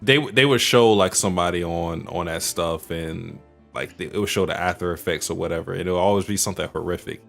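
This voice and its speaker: A man's voice: low voice, a little fast, creaky, a bit bright, soft background music. A man co-hosting a casual podcast, joking and rambling with frequent laughter. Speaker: podcast co-host.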